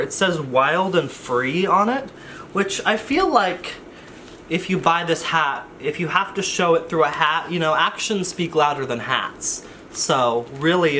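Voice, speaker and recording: A YouTuber with a high, sharp-toned voice chats casually in a rambling vlog, often breaking off for jokey asides. There's slight background noise.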